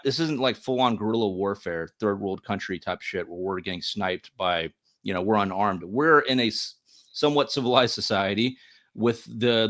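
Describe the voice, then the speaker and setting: A man's voice: on the low side, a bit bright. A man co-hosting a podcast, talking earnestly and emphatically in a casual political discussion, often repeating words as he thinks. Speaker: podcast co-host.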